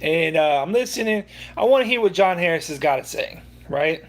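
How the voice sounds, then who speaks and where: High-voiced man ranting heatedly. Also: lively intonation, fairly quick. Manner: heated, profane, rambling with restarts. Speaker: livestream host. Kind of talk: sports rant livestream.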